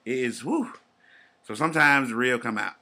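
A man's voice: mid-range voice, normal speed, bright, forceful tone. A man with a Southern US accent co-hosting a podcast in a casual, laid-back, profane way. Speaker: podcast co-host.

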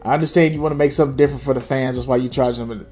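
A man's voice: mid-range voice, steady tone, racing, darkish tone, faint music behind. A young adult man co-hosting a casual sports chat, talking bluntly and profanely with a dismissive edge. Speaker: podcast co-host.

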